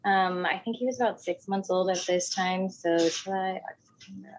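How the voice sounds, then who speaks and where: A woman telling a personal story in casual talk, animated and often saying "like". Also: mid-range voice, moderate pace, low-quality recording. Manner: animated, acts out voices in quotes, fills with "like".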